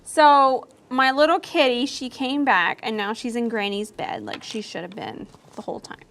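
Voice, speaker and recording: A woman's voice: a little high, expressive, fairly bright tone, a little hiss or hum. A young woman vlogger chatting and telling a story while doing her makeup, chatty and giggly. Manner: chatty and giggly, quick storytelling with quoted asides. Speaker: beauty vlogger.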